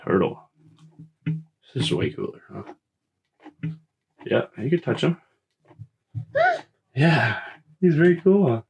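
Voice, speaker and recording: A parent using gentle, coaxing baby talk to a small child, repeating words slowly and reassuring the child. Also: mid-range voice, sing-song, gravelly, background noise. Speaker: parent showing animals to a toddler.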